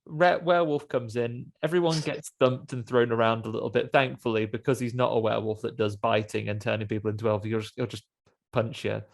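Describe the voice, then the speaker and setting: A man's voice: mid-range voice, little pitch movement, a little fast, gravelly. A man hosting a casual film podcast, rambling and swearing as he acts out little scenes. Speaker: podcast host.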